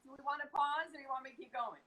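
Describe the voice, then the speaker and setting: A woman speaking as an acting coach on a live video call, giving an energetic, chatty, motivational talk. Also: high voice, racing, low-quality recording.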